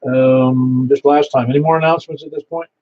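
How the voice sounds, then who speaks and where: A man runs an amateur radio net, giving announcements in a folksy, rambling way and repeating details back to confirm them. His voice is mellow and dark. The sound is a little dull, with a faint hiss under it. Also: medium pitch, steady tone, brisk.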